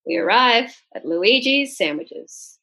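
Woman, young adult, husky, casual storytelling, lively quoting. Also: takes it slowly, low-quality recording. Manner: animated, acts out quoted people with pitch jumps. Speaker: podcast co-host telling a story.

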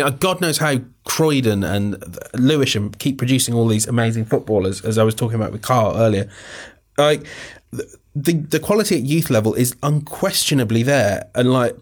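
A man hosting a casual football podcast, talking passionately and rambling with restarts. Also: medium pitch. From England. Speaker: podcast host.

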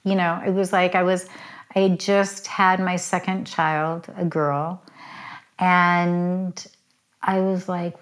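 Chatty woman with a low voice. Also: level tone. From United States. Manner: chatty, fast, full of "like" fillers. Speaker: interview guest. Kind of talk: candid personal storytelling.

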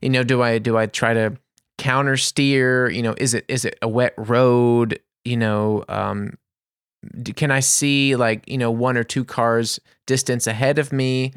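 A young man talks in a loose, rambling monologue, full of "you know" and restarts, his pitch jumping up when he gets worked up. His voice sits at an average pitch and sounds close and dry, with no room around it. He speaks casually, like someone telling a story to listeners. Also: unhurried, clear, resonant tone, dry recording. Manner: rambling, animated, frequent fillers.

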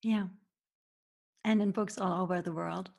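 Woman, interviewer, soft, hesitant, conversational. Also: fairly low pitch, fairly even intonation, unhurried, gravelly, muffled recording.

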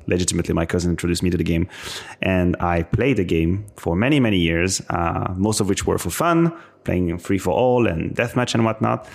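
A man in his thirties, a podcast guest talking casually and joking about his gaming past. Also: sits low. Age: 30s. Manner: relaxed, joking, speaks in short restarting phrases. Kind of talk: casual interview chat.

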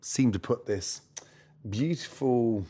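A middle-aged Scottish man, a chef and guest, telling stories in a brash, swearing, animated way. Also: medium pitch, slow pace, breathy edge. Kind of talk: casual interview.

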